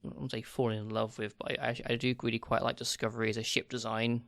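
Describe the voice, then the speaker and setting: A man's voice: medium pitch, little pitch movement, fast, creaky, a bit bright, no echo, studio quality. A man hosting a casual podcast chat, chatty and full of fillers and repeated words. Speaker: podcast host.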